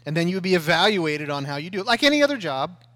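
A middle-aged man preaching a sermon, telling his own story with loud emphasis and hushed asides. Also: high-pitched, very animated, fast talker. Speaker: pastor.

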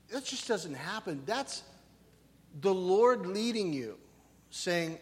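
A male pastor preaching a lively, conversational sermon, often checking in with "right?". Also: high-pitched, slow pace, pauses often. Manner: animated, conversational, keeps asking "right?". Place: church sanctuary. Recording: reverberant hall.

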